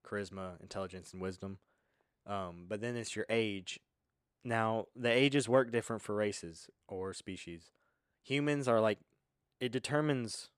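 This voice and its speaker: Young man, low voice, relaxed game-master explainer, dry mic. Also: clear, resonant tone, no echo. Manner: relaxed, filler-heavy explaining. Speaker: podcast host and game master. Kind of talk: casual explanatory chat.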